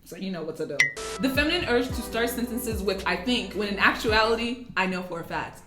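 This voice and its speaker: A young American woman from Texas hosting a casual vlog, playful and jokey, swinging between loud outbursts and mutters. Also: mid-range voice, lively intonation, brisk. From Texas, USA. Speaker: YouTuber host. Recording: roomy echo with music behind.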